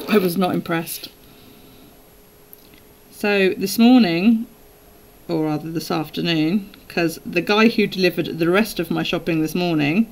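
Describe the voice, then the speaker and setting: A woman's voice: medium pitch, low-quality recording. A woman chatting casually on a live stream while journaling, telling stories and laughing often.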